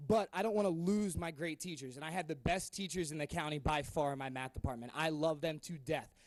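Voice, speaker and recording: A man's voice: fairly high pitch, a little fast, no room sound, low-quality recording. A young man, a school department head, giving an earnest, impassioned public comment with frequent ums. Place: public board meeting room.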